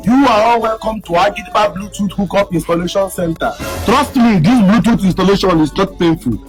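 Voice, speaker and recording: A man with a Nigerian accent acting in a comedy skit, excited and teasing. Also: high-pitched, a little fast, soft background music.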